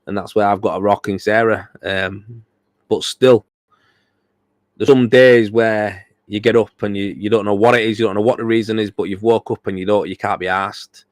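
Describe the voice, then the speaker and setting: Tired, rambling man, low and dry. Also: steady tone, moderate pace, dry recording. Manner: blunt, swears freely, rambling with repeated fillers. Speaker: podcast host. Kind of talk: casual livestream chat.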